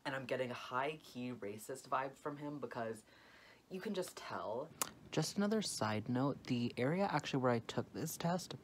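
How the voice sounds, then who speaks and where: A young man vlogging a dramatic storytime, expressive and full of "like" fillers. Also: mid-range voice, normal speed, slight background noise. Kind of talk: storytime vlog.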